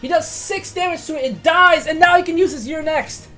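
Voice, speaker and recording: A woman game master excitably narrates dice rolls and combat, swearing often. Her high, animated voice swings quickly between muttered asides and sudden loud outbursts, with faint music behind her.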